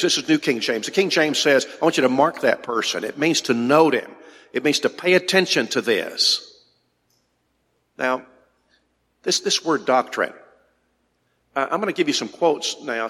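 A man's voice: medium pitch, a bit bright. A male preacher delivers a sermon in an emphatic, insistent way, circling back to key words to drive them home. His voice sits in a middle register. It carries a long reverb, as if recorded in a large hall.

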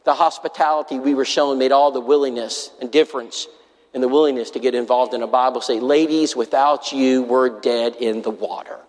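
A man preaches a sermon, earnestly telling a story and performing the other people's lines himself. His medium-pitched, slightly mellow voice moves briskly with fairly even intonation, and the recording carries a long hall reverb.

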